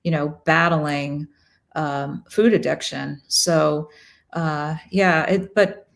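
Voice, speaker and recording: Brief: female doctor host, reflective casual talk, slightly low pitch. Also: fairly even intonation, slow, gravelly. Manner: reflective, many restarts and "you know". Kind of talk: casual interview chat.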